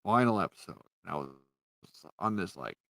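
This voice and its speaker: A man's voice: low voice, big pitch swings, a little fast, vocal fry, pushed and bright, dry recording, poor audio. A man ranting sarcastically and profanely in a casual review, a little tipsy. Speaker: TV show reviewer.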